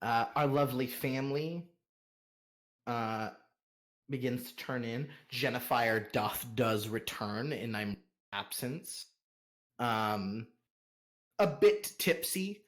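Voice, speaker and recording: A man narrating a tabletop role-playing game as game master, animated and often laughing. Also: mid-range voice.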